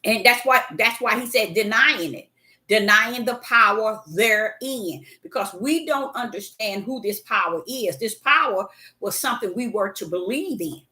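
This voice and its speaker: Bright-voiced woman preaching a sermon. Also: a little high, animated, unhurried. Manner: repetitive, emphatic, many fillers and restarts. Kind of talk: sermon teaching.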